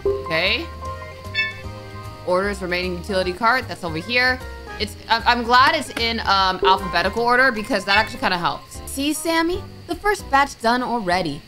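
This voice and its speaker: A woman's voice: mid-range voice, animated, normal speed, music in the background. A woman streamer playing a horror game, reading the on-screen text aloud, muttering item names and letting out jumpy, frightened exclamations. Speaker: gaming streamer. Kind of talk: let's-play commentary.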